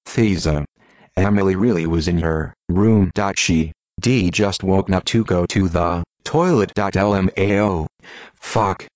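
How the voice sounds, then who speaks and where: A synthetic-sounding man's voice reading out short posts in a monotone, spelling out links letter by letter. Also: low-pitched, no room sound, clean studio sound. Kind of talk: rapid automated read-out of short posts.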